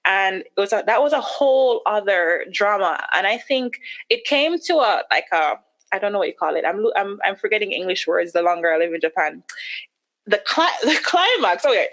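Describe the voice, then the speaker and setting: Woman, podcast guest, mid-range voice; candid confessional storyteller who leaps up in pitch when quoting herself. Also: moderate pace. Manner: candid, acts out her own past words with sharp rises in pitch. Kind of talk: personal storytelling.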